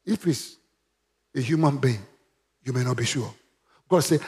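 A man's voice: medium pitch, a little slow, darkish tone. A man preaching a sermon, emphatic and calling on the congregation to repeat after him. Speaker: pastor.

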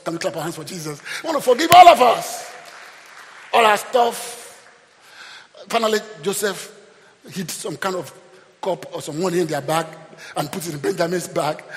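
A man preaching a sermon in a church, animated, rising to shouts and acting out the characters of the story he retells. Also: high-pitched. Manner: animated, shouting peaks, acts out Bible characters. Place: church hall. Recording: long hall reverb.

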